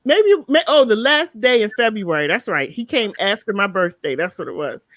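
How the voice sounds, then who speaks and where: A woman hosts a live talk show in casual, chatty fashion and tells stories with animated jumps. She is tired at the end of the night. Her voice sits at a middle pitch in a dry, close recording. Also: moderate pace, no echo. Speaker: show host.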